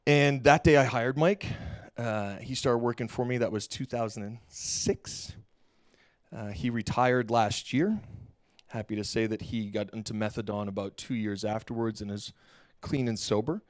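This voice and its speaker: A middle-aged man giving a keynote talk on stage, telling a story in a lively, casual way and acting out the dialogue with slang. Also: mid-range voice, normal speed, dry recording, studio quality. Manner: animated, acts out quoted dialogue, casual slang. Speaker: keynote speaker. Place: lecture hall stage.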